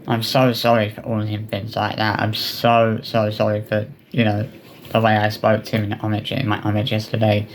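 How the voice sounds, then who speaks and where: A man talking straight to his viewers in a personal vlog, upset and remorseful, with halting speech full of restarts and fillers. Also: on the low side, monotone, a little hiss or hum. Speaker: vlogger.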